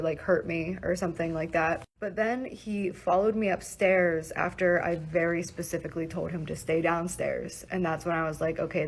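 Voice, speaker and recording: A young woman recounting an upsetting personal event in a casual storytime vlog, talking fast with lots of "like" and swearing, emotional and shaken. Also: on the low side, gravelly, breathy edge, poor audio. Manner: fast, breathless, heavy use of "like" and swearing.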